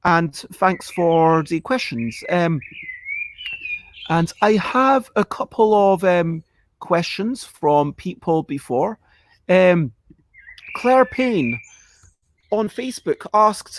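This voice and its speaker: A man's voice: high-pitched, animated, slow, pauses often, slight background noise. A man hosting a casual live stream, answering viewer questions in a rambling, chatty way and sometimes acting out panicked reactions. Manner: chatty, self-interrupting, acts out panicked reactions.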